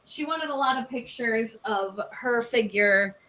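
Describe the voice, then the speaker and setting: A woman's voice: a little high, unhurried, pushed and bright. A woman guesting on a casual podcast, enthusiastic and gushing, giggling often. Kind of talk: casual chat.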